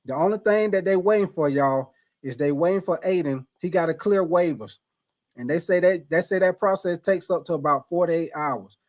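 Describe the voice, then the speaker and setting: A man's voice: a little high, moderate pace, a little mellow. A man hosting a casual live stream, reading chat and greeting viewers by name, with frequent restarts and stumbles over names.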